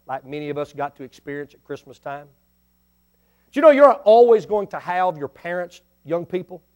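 High-voiced man preaching a sermon. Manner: preaching with swells of loud emphatic lines and quiet asides. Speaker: pastor.

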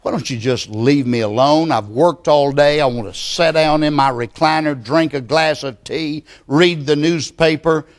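A man's voice: on the high side, moderate pace, few pauses, close to an everyday voice. A preacher plays a worn-out husband just home from work. He sounds grumbling and dismissive, and he asks for rest.

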